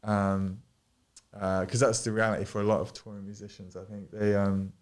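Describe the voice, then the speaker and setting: Man, podcast guest, low-set voice, loose rambling delivery full of fillers. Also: flat delivery, moderate pace, a little mellow. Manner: rambling, many fillers and restarts, swears freely. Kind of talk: casual podcast chat. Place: studio.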